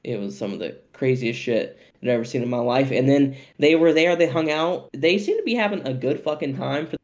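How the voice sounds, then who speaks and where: A young man co-hosting a podcast, telling a story in casual, profane, animated chat and often laughing. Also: medium pitch, brisk. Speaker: podcast co-host.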